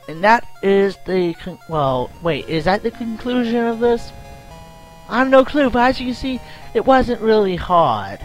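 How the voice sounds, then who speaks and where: A young man giving casual, self-mocking commentary while playing a game, yelping and groaning at it. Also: high voice. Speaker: let's play gamer. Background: game music.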